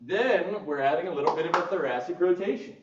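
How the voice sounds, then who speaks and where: A man's voice: a little high, expressive, fast talker, very noisy. A male fitness instructor cueing a live workout class, upbeat and encouraging as he counts down reps. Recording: roomy echo, distant mic, dull sound.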